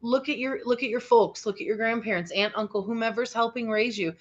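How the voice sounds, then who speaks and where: A woman's voice: fairly high pitch, a little fast. A woman teacher leading an interactive online lesson for teens. She is upbeat and encouraging and often checks in with the group. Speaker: teacher leading a teen workshop. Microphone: video call. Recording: slightly dull online call audio.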